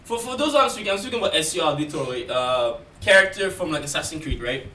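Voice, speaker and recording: A man's voice: fairly high pitch, lively intonation, fast talker, pushed and bright. A man with a non-native English accent, rambling in a casual chat, full of fillers and laughs. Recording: roomy, distant mic, faint noise.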